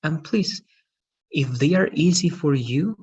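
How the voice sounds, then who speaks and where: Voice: mid-range voice, lively intonation, measured pace, darkish tone, slightly rough, muffled recording. An English teacher running an online lesson, patiently correcting students' pronunciation. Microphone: video call.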